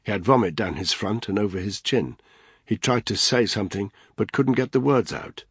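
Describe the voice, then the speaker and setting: A man narrating an audiobook thriller in steady, even storytelling. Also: on the low side, moderate pace, husky, dry recording, clean studio sound.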